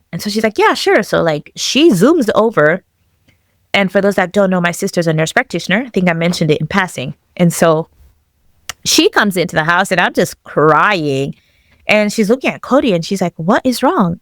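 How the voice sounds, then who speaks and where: A woman's voice: mid-range voice, dry recording, clean studio sound. Woman telling a personal story with feeling. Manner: animated, acts out dialogue in quotes. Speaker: podcast guest.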